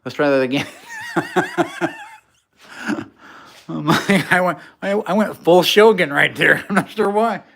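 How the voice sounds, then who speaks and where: A man's voice: high-pitched, wildly swooping pitch, takes it slowly, creaky, long pauses, a bit bright, a little hiss or hum. A man talking casually on a livestream from his garage workshop, rambling and frank, often laughing at himself. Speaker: livestream host, maker.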